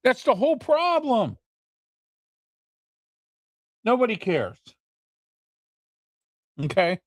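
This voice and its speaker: A man's voice: extremely high pitch, wildly swooping pitch, takes it slowly, dry recording, studio quality. Fired-up man hosting an opinion show. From United States. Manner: heated, repetitive, keeps asking "okay?". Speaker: talk show host. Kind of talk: opinion talk show monologue.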